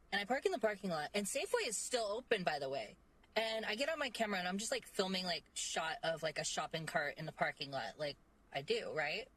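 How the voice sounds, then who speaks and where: A woman's voice: mid-range voice, a bit bright. A woman vlogging casually from a parking lot at night, chatty and loose, with many "like" fillers. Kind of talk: casual vlog talk.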